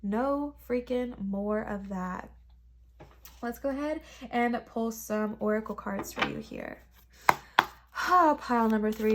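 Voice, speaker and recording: A woman's voice: a little high, slow pace, noisy background. Emphatic, reassuring young woman reading tarot. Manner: emphatic, reassuring, slangy, talks straight to viewers as besties. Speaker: tarot reader. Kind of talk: casual tarot card reading to camera.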